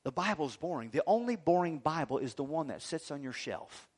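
Pastor guy preaching, kinda high voice, goes quiet then yells out big lines. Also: expressive, brisk. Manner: preaching with rising shouts and acted quotes. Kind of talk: sermon.

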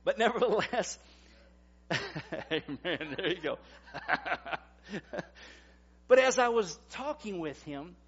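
A man in his forties, a pastor preaching a sermon in a conversational way, swinging between loud emphasis and quiet asides. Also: high voice, expressive, a little slow, long pauses, slightly rough. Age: 40s. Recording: dull, lo-fi recording.

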